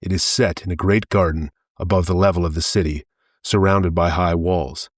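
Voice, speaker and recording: Blunt young barbarian with a deep voice, as a male narrator plays him, terse and cool. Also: fairly even intonation, moderate pace, no echo, clean studio sound. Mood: questioning.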